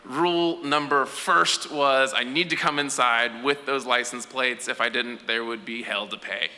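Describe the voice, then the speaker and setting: A man telling a true story live on stage in an animated way, acting out the other voices. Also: medium pitch, unhurried. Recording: echoey hall with faint noise.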